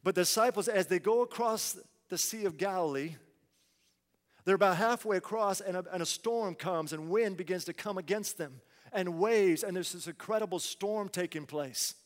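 A man's voice: sits high, normal speed, long reverb tail. A man preaching a sermon, asking the congregation rhetorical questions and acting out people's complaints.

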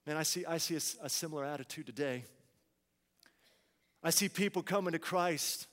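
A man's voice: a little high, fairly quick, fairly bright tone, in a large hall. A man preaching a sermon, asking the congregation rhetorical questions and acting out people's complaints.

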